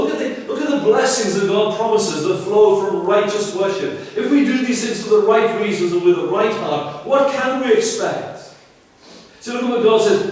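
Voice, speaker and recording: Pastor preaching in an echoey church. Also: male voice, sits high, recorded from a distance. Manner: earnest, emphatic, asks rhetorical questions. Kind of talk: sermon. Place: church sanctuary.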